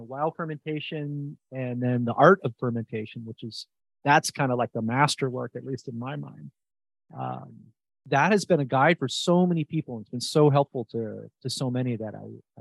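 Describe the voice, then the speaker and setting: With a mid-range voice that is gravelly and breathy at the edges, this podcast host from New Jersey speaks at a moderate pace. He chats with his guest enthusiastically in a casual interview, frequently restarting sentences. The recording has no room sound.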